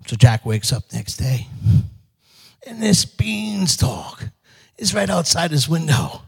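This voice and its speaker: A man telling a parable in a slow, animated storytelling sermon. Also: fairly high pitch, gravelly, husky. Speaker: speaker. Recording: hall reverb.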